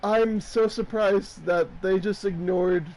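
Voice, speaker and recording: High-voiced excitable gamer calling matches. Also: male voice, slow pace, over a noisy crowd, rough recording. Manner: excitable, laughs often. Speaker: gamer doing play-by-play. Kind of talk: casual wrestling game commentary.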